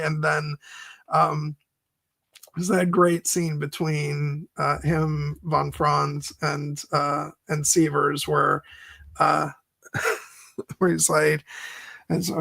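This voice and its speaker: A man co-hosting a film podcast, talking in a halting, filler-heavy way and laughing as he retells scenes. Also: on the high side, vocal fry, fairly bright tone, dry recording, studio quality. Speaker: podcast co-host. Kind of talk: casual film discussion.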